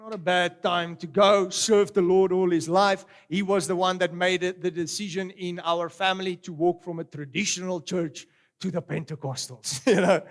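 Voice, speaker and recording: A middle-aged man preaching a sermon, animated and swinging between loud exclamations and quiet storytelling. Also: high voice. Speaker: pastor.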